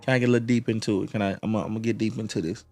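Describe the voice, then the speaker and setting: A man's voice: lowish voice, steady tone, rapid-fire, darkish tone, faint music behind. A man hosting a live stream, giving relationship advice in a preachy way, repeating phrases and restarting often. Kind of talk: motivational live-stream talk.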